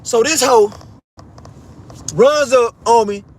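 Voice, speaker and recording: A young man telling a story in a casual, animated rant, swearing often and repeating himself. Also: very high voice, slow.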